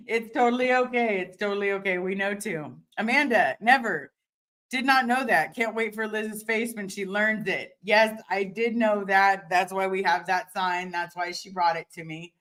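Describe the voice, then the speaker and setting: A young woman chats through a home livestream and answers her viewers' comments as they come in. She speaks candidly and informally, restarting sentences and filling pauses as she goes, and now and then she swears. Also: mid-range voice, a bit bright. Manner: candid and chatty, swearing, many fillers and restarts. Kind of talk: casual livestream chat.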